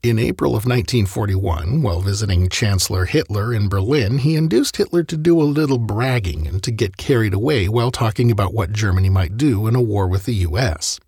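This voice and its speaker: Brief: male history narrator, raspy with some fry, close and dry, wry in tone. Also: lowish voice, brisk, few pauses, darkish tone, dry recording. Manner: wry, conversational asides. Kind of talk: scripted narration.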